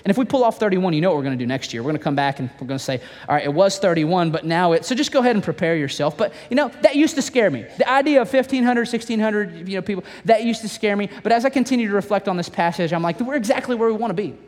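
Male pastor, sermon style, lively playful storytelling, bright high register, long hall reverb. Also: racing, hardly any pauses. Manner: animated, playful storytelling with asides. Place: church.

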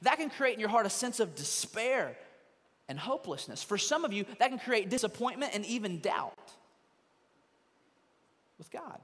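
A man's voice: sits high, very animated, moderate pace, pauses often, fairly bright tone, in a large hall. A man preaching a conversational sermon from a church stage, slipping into quoted voices of churchgoers. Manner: conversational, mimics people in quoted asides. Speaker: pastor. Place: church sanctuary, also streamed online.

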